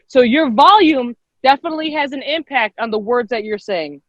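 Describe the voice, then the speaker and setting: A woman's voice: high voice, lively intonation, normal speed, a bit bright, dry recording. A young woman leading a live online class for girls, upbeat and encouraging, repeating herself and laughing often. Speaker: workshop leader. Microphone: computer mic on a video call. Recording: dull lo-fi video call sound.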